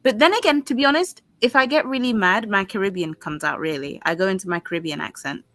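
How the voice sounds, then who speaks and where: A woman's voice: medium pitch, fairly bright tone, no echo. Articulate woman, posh London accent. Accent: posh London English. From London, England. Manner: articulate, measured. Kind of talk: casual chat.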